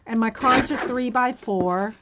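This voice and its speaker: A woman's voice: a little high, unhurried, background noise. A woman hosting a crafting livestream, chatting casually and greeting viewers by name while she cuts and sorts art cards. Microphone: camera mic set low on the desk.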